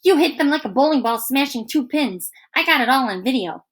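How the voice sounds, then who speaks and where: A woman voicing an excited teenage boy in a storybook reading, gushing and shouting. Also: sits high, a little fast, voice pushed up. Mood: thrilled. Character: excited teenage boy friend filming the game.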